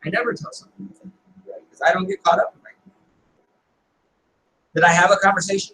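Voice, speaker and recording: A man's voice: high voice, lively intonation, a little fast, pauses often. A man coaching a group in a meeting, firing off rhetorical questions and checking in with "right?" after his points. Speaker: business coach leading a meeting. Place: meeting room. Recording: echoey room, distant mic, faint noise.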